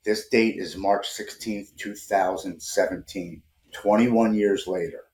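Man in his 40s telling his story, earnest, repeats words a lot, lowish voice. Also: steady tone, a little slow, darkish tone, a little hiss or hum. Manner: earnest, emotional, repeats words when starting sentences. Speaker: podcast guest. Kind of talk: personal storytelling. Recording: roomy echo.

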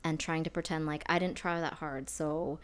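A woman's voice: low-pitched, fairly even intonation, normal speed, clear, resonant tone. A woman co-hosting a podcast in casual chat, chatty and self-deprecating, laughing often. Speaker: podcast co-host.

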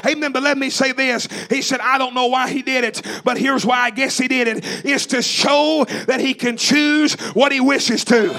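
A man from East Tennessee, preaching a fervent sermon in a church with shouted, repetitive lines. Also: very high-pitched, steady tone, normal speed, hardly any pauses.

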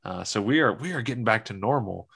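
A man's voice: lowish voice, lively intonation, quick pace, gravelly, a bit bright, slightly rough. A young man co-hosting a casual podcast, joking around and slipping into mock-serious asides. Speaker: podcast co-host. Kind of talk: casual chat.

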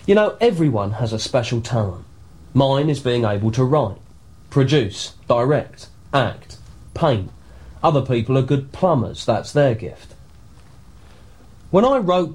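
A man playing a pompous, self-important male horror writer, speaking in a grandiose, deadpan scripted comedy monologue. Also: medium pitch, lightly acted.

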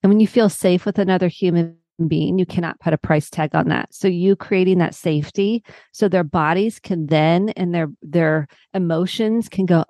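A woman psychotherapist, a guest on a podcast, explaining her work in a lively way and acting out her clients' voices. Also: on the low side, moderate pace, few pauses, no room sound. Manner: animated, acts out clients' voices. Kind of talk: conversational podcast interview.

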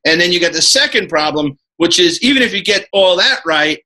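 Bright-voiced rambling man on a podcast. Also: sits high, lively intonation, fairly quick, low-quality recording. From New York. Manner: rambling, filler-heavy, laughing asides. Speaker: podcast guest. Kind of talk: casual podcast chat.

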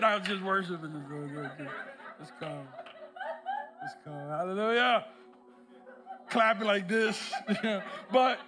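A man preaching a sermon, telling a self-mocking personal story in an animated way and acting out the people in it. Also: sits high. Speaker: pastor.

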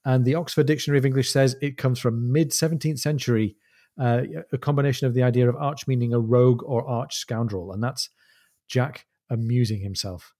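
A man co-hosts a relaxed book podcast, reading passages aloud and savouring the wording. His voice is warm and mellow. He talks at a middling pitch. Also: brisk. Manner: enthusiastic, relishing the text. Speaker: podcast co-host. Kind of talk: casual book discussion with read-aloud passages.

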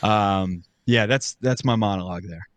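A man's voice: on the low side, normal speed, dry recording. A man, a former TV broadcaster, chatting casually as a guest, laid-back with many fillers. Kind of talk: casual chat.

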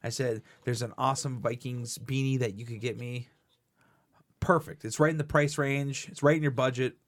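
A man co-hosting a podcast, telling animated stories in casual chat and swearing freely. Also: medium pitch, normal speed. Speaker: podcast co-host.

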